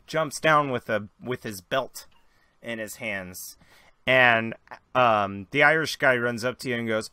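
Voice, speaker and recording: A man narrating as game master, dramatic and lively, jumping into voices for characters. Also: mid-range voice, measured pace, smooth, no room sound.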